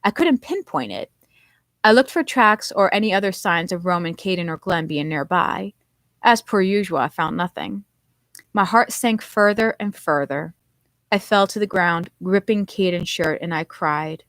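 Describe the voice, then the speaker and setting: A woman's voice: lowish voice, animated, normal speed, fairly bright tone, dry recording. A woman author reading her own novel aloud in first person, narrating expressively.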